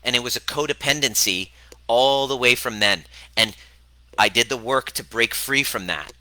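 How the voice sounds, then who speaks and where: Blunt and profane, a man in his forties hosts and coaches through a motivational self-help talk, his pitch swooping emphatically. The bright, forceful voice moves at a moderate pace on a poor recording with no echo.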